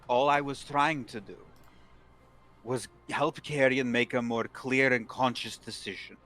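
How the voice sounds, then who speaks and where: Man, tabletop role-play player, slow pace, blunt, scolding, swears. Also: mid-range voice, a bit bright.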